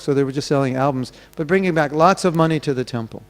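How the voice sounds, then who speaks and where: A man with a fairly high voice delivers a temple sermon at a quick pace. Storytelling drives his talk, and he plays out the voices of the characters.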